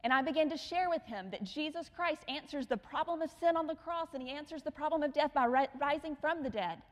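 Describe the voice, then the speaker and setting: A woman's voice: sits high, a little fast. Woman preaching in an echoing hall. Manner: storytelling with acted quotes, dropping to hushed tones. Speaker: missionary speaker. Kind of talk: sermon storytelling. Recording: long hall reverb.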